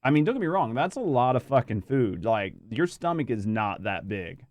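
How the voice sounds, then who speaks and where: A man's voice: mid-range voice, sing-song, moderate pace, a little mellow, no room sound, studio quality. A man doing rambling, casual reaction commentary, swearing freely and chatting with his viewers. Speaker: reaction streamer.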